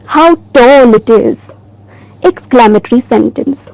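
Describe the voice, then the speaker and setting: A woman teacher giving a recorded lesson in a slow, clear, emphatic way. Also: sits high, lively intonation, darkish tone, dry recording, rough recording.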